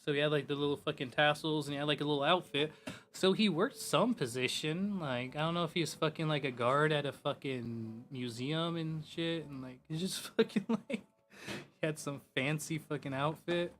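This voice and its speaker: A man streaming a game, chatting casually and loosely, swearing and filling every pause with "like" and "you know". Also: a little high, a bit bright, slight background noise. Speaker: gaming streamer. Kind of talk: casual rambling chat.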